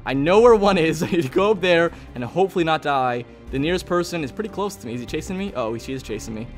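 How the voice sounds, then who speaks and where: An excitable young man commenting on his gameplay, his voice sitting a bit high and swinging lively up and down. He chats to the other players and bursts into shouts. Faint music plays behind him. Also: fast. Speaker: gaming channel host.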